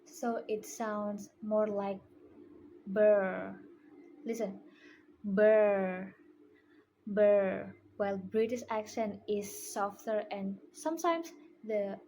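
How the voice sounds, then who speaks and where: A young woman with an Indonesian accent, a student presenting her own recorded class work and slowly repeating words to demonstrate them. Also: mid-range voice, darkish tone, slight background noise, rough recording.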